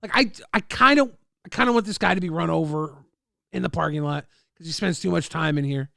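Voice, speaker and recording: A man's voice: fairly high pitch, brisk, vocal fry, pushed and bright, no room sound, studio quality. A man streaming live, mocking a video with sarcastic, profane commentary.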